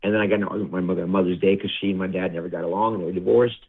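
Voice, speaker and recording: Low husky man on a tinny line. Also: fairly even intonation, racing. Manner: acts out his father's lines in a raised voice; tearful, voice drops low on sad moments. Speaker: interview guest. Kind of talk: emotional personal storytelling.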